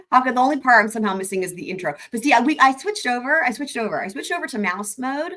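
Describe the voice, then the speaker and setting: Brief: high-voiced woman streamer, animated, swearing and laughing through commentary. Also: fairly quick. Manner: giggly, profane, rambling. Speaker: livestream host. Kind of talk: casual commentary on trial clips.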